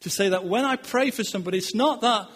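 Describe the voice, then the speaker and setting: A man's voice: sits high, quick pace, a bit bright, husky. A man preaching a sermon, earnest and repeating words, his voice rising and falling. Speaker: pastor. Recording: long hall reverb.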